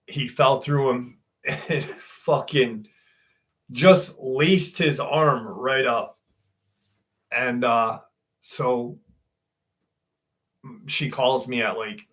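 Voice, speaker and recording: A man's voice: mid-range voice, bright, forceful tone. A man hosting a live stream, casually telling a rambling story with swearing and frequent laughter. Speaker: host.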